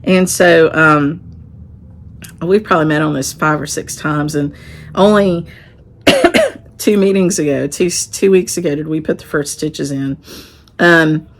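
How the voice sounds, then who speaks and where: A middle-aged woman with a Southern Appalachian accent, chatting to camera about her stitching in a rambling, homey way. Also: on the low side. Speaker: shop owner and stitching vlogger. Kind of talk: casual chat to camera.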